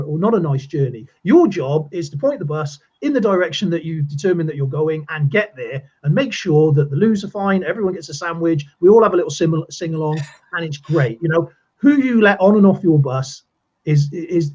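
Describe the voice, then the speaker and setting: A man's voice: a little high, darkish tone, husky, lo-fi sound. A man, a guest on a video-call interview, speaking frankly and reflectively, often checking in with "right?". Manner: reflective, frank, peppered with "you know" and "right?". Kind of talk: conversational interview.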